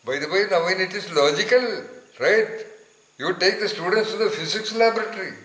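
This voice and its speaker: A man's voice: sits high, fairly quick, fairly bright tone. Emphatic man in an echoey room. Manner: emphatic, rambling, searches aloud for words with fillers. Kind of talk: informal spiritual talk to listeners.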